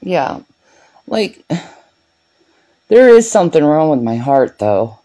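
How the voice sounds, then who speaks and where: A woman's voice: low-pitched, big pitch swings, takes it slowly, warm tone, low-quality recording. A woman hosting her own vlog, chatting casually, swearing freely and laughing often. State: out of breath. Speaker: vlog host. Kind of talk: casual chat.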